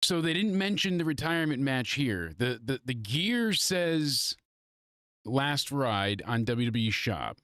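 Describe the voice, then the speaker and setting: A man's voice: medium pitch, very animated, a little slow, fairly bright tone, no room sound, clean studio sound. A congested man hosting a live stream, talking loosely and profanely in casual chat. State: congested from allergies. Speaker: wrestling review livestream host.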